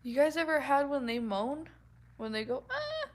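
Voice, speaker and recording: This livestream host's voice sits high and moves at a normal speed, captured on a low-quality recording. Chatting casually with viewers, she giggles frequently and plays out other people's quotes in character.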